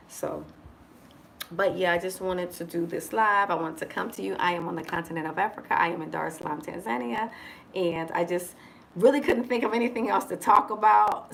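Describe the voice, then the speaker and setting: A woman from the United States chatting casually on a livestream from abroad, expressive and joking, calling her viewers y'all. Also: lowish voice, gravelly, a little hiss or hum, poor audio. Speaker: vlogger living abroad. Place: indoors in Dar es Salaam.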